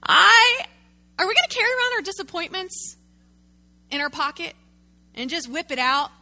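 A woman pastor preaching a sermon in an animated way, calling out to the congregation and working with a prop. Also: extremely high pitch, brisk, background noise.

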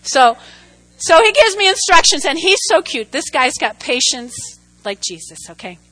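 A woman's voice: high voice, moderate pace, low-quality recording. A woman preaching a sermon, telling humorous personal stories and drawing the congregation into call-and-response. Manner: animated, humorous storytelling with audience call-and-response.

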